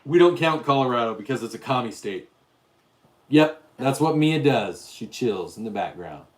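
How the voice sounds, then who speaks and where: A man's voice: mid-range voice, expressive, moderate pace. A middle-aged man hosting a casual livestream, chatting and reading viewer names aloud. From Utah, US. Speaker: livestream host.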